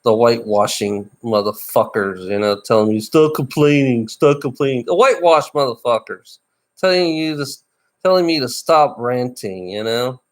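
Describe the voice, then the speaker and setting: A man's voice: mid-range voice, animated, normal speed. Profane, tired middle-aged man ranting. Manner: profane, bitter ranting with rough laughs. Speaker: livestreamer. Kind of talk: ranting live stream monologue.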